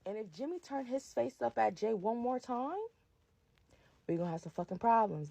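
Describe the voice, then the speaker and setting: Fired-up, gravelly woman ranting. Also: a little high, expressive, normal speed, warm tone, no echo, dull audio. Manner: profane, emphatic, fired-up. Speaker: podcast host. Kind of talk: heated wrestling commentary rant.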